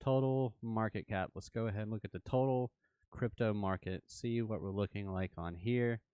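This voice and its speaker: A young man hosting a casual crypto livestream, talking through charts in a relaxed, hesitant way with many fillers. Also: fairly low pitch, normal speed, clean tone, no room sound, narrow, tinny audio.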